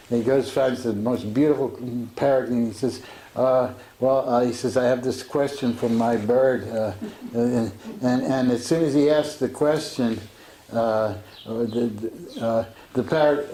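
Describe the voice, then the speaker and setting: A man, a Sufi teacher, retells a teaching story in a halting way, full of fillers and restarts. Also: mid-range voice, warm tone, a little hiss or hum, poor audio.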